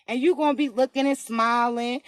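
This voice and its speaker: A woman with a raspy voice giving a casual spiritual reading to camera, slangy and emphatic, often asking "you heard me". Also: fairly high pitch, fairly even intonation, fairly quick, no echo. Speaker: spiritual card reader.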